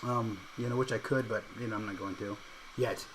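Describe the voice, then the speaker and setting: A man's voice: fairly low pitch, steady tone, brisk, a little hiss or hum. A middle-aged man hosting a casual livestream, chatting earnestly and showing makeup steps as he talks. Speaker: livestream host.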